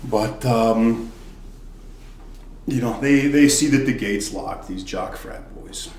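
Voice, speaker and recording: A man telling a comedic bar story casually, profane and swinging between loud and hushed. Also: medium pitch, slow, slight background noise. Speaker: podcast storyteller, former bartender. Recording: echoey room.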